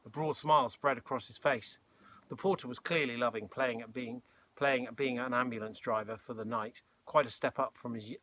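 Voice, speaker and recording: A man reading a children's novel aloud, relaxed, with chatty asides between passages. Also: mid-range voice, slight background noise. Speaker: storybook reader.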